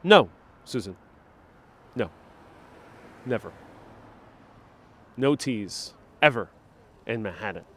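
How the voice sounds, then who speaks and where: A man's voice: lowish voice, lively intonation, takes it slowly, long pauses, slight background noise. A man from New York City hosting a casual live-stream walking tour outdoors on city streets, chatting playfully and answering viewers' comments on a clip-on mic. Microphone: wireless clip-on mic.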